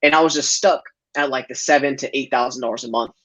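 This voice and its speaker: A man's voice: medium pitch, fast talker, a bit bright. A man guest telling a casual story over a call, loose and filler-heavy, laughing often. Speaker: podcast guest. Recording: dull lo-fi audio.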